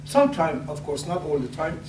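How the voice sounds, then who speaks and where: Picked up by a distant mic in an echoey hall with a faint hum, an older imam delivers a pre-sermon talk. He has a fairly high, darkish voice with big pitch swings, and he halts, restarts, repeats words, and lifts his voice to stress points.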